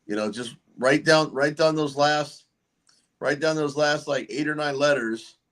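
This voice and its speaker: A man's voice: on the high side, unhurried, fairly bright tone. Joking man hosting a livestream. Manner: loose, joking, talks to chat and guests. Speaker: livestream host. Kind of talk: casual livestream chat.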